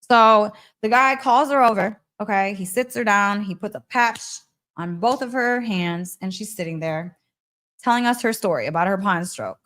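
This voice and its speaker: A woman hosting a podcast, telling a story in an excitable, emphatic way, repeating phrases and laughing often. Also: mid-range voice, normal speed. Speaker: podcast host. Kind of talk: animated storytelling monologue.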